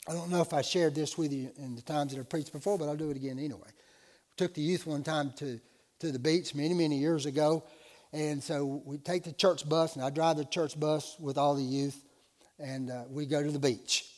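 A man preaching a sermon as pastor, telling a personal story and then building to loud, emphatic exhortation. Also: on the high side, normal speed, big-room sound.

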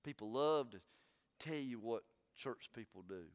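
A man preaching a sermon, swinging between loud urging and hushed, earnest talk. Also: medium pitch, lively intonation, a little slow, clear, resonant tone.

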